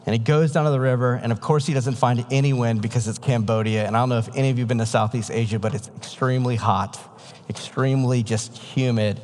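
A man's voice: medium pitch, fairly even intonation, quick pace, darkish tone. A preacher telling a story in a casual, conversational sermon, acting out the voices of the people he quotes. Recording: long hall reverb.

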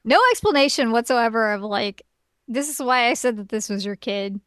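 A woman's voice: on the high side, moderate pace, smooth, no room sound, clean studio sound. A young woman co-hosting a podcast, chiming in with wry jokes while recapping an anime episode. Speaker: podcast co-host. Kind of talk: casual episode recap chat.

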